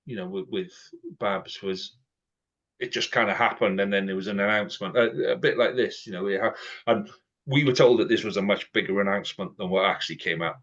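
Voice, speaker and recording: Chatty podcast guy, lowish voice, kinda dull lo-fi sound. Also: fairly quick, fairly bright tone. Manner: chatty, acts out quoted exchanges. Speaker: podcast co-host. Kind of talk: casual chat.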